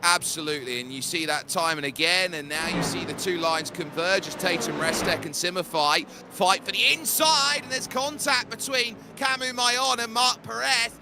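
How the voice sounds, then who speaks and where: A man calling an online race as lead commentator, energetic and rapid-fire in his play-by-play. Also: sits high, noisy background.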